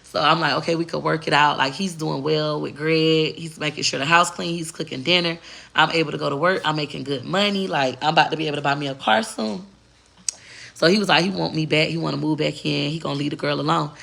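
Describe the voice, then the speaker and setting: A woman's voice: low voice, steady tone, quick pace, creaky, fairly bright tone. A woman vlogger telling a personal story in a candid, blunt and profane way. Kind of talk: casual storytelling to camera.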